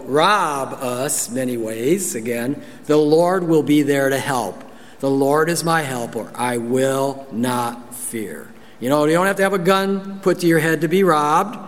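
Animated pastor in a reverberant church. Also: male voice. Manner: animated, acts out quotes in high voices, laughs. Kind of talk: sermon.

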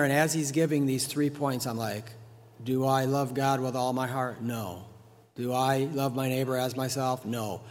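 A middle-aged male pastor with a slightly higher voice delivers a sermon like a casual talk, often chuckling as he goes. His words ring out with a long reverb, as though he is recorded in a large church sanctuary. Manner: conversational storytelling, chuckles between points.

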